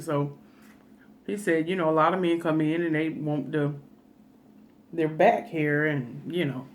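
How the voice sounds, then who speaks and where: A woman food vlogger telling a funny story in a chatty, folksy way while eating, with laughing asides. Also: low voice.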